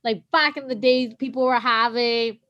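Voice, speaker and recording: Woman, podcast co-host, fairly high voice, chatty and enthusiastic. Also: fairly even intonation, moderate pace, lo-fi sound. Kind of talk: casual chat.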